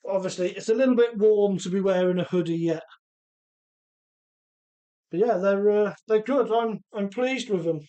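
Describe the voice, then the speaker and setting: A man's voice: sits high, moderate pace, long pauses, mellow, smooth, dull audio. A man hosting a live stream in his home workshop, chatting easygoing and laughing often as he reads out viewer comments. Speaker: host of a radio-controlled car live stream.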